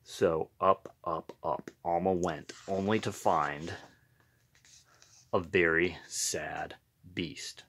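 A man reading a picture book aloud in a gentle, unhurried storytelling manner. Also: sits low, steady tone.

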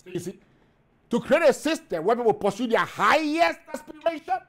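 A man preaching his case to viewers in a high, swooping voice. He hammers points through repetition and rhetorical questions, and climbs to emphatic peaks. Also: big pitch swings, moderate pace. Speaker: host.

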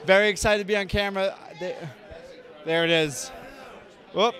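An upbeat man with a high voice hosts a walking tour of a crowded indoor convention floor. He jokes and banters with fans as he goes, caught on the mic of a camera carried alongside him. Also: fairly even intonation, normal speed, fairly bright tone, a faint crowd. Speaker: host. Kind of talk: casual convention tour chat. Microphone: mic on a camera carried by a crew member.

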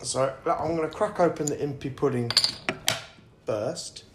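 A man's voice: a little high, unhurried. A man co-hosting a casual beer-tasting chat, bantering and joking as he tastes and describes beers. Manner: jokey, bantering, animated. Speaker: podcast co-host. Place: indoors at a pub. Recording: echoey room, faint noise.

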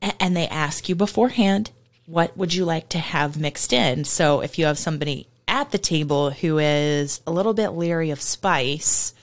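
A woman's voice: deep voice, moderate pace. A woman co-hosting a podcast, chatting casually and enthusiastically about food in vivid detail. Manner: enthusiastic, descriptive, laughs easily. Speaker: podcast co-host.

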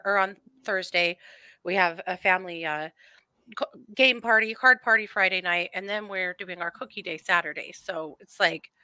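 A woman's voice: mid-range voice, pushed and bright, dry recording. A middle-aged woman co-hosting a podcast in casual chat, laughing often. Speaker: podcast co-host.

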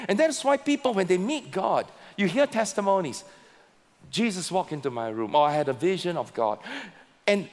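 Pastor, male, high animated voice, slow emphatic sermon delivery, reverberant hall. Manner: slow, emphatic preaching with repeated words and swelling emphasis. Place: large church auditorium. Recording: long reverb of a large hall.

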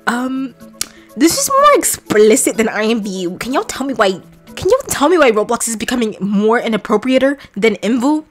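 A young woman reacting loudly while playing a game, laughing and shrieking in playful shock. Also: a little high, big pitch swings, fairly quick, faint music behind. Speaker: gaming vlogger.

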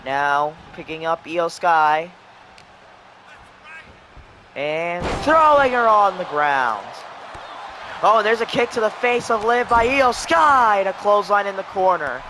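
A man calling a wrestling video game match play by play, excitable and breaking into shouts at the near-falls. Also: high-pitched, slow pace, long pauses, background noise. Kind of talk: play-by-play commentary.

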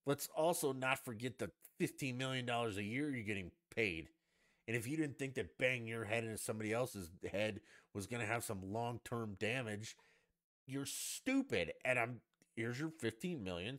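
A man's voice: mid-range voice, expressive, moderate pace, a bit bright. A man hosting a solo podcast, ranting in a profane, sarcastic and argumentative way. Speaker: podcast host.

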